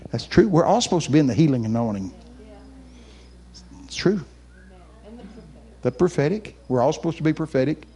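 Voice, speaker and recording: A male preacher telling a story in an animated sermon, often raising his voice to a shout and laughing. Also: a little high, normal speed, long pauses, slightly rough. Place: church camp meeting.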